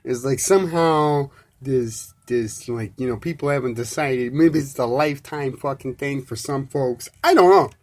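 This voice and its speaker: A man hosting a solo live podcast, ranting in a rambling, profane way, swinging from loud outbursts to low mumbles. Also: unhurried, hardly any pauses. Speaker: podcast host.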